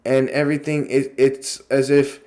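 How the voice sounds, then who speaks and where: An excitable young man reviewing a show in a casual vlog. His voice sits in an ordinary middle pitch, and he rambles and gushes, piling up fillers and cheerful swearing. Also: moderate pace. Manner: lots of fillers and restarts in a gushing delivery.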